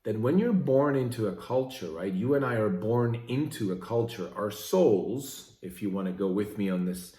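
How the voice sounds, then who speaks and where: A Swiss-born man in middle age speaks to his viewers in a relaxed, chatty motivational talk, often tossing in "right?". His voice sits on the low side. The room adds a noticeable echo. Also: normal speed, few pauses. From Switzerland. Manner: conversational, often asks "right?". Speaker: vlogger. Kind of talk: casual motivational talk to camera.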